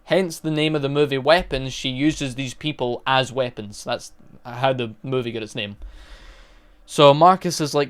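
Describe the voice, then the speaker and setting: A man's voice: medium pitch, moderate pace, clear, resonant tone. Chatty, rambling male movie reviewer. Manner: chatty, rambling, corrects himself as he goes. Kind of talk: casual spoken movie recap.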